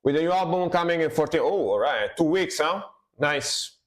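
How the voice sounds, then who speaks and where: A man's voice: fairly high pitch, moderate pace. A man streaming live music reactions, musing aloud, fumbling over foreign words and cheering the riffs. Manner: excited exclamations over the music.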